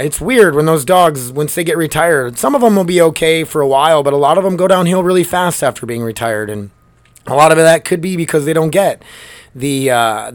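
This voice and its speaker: A man's voice: a little high, dry recording. Male solo podcast host, loose and profane, upbeat, recorded dry in a work storage room. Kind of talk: casual solo podcast chat. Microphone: laptop microphone.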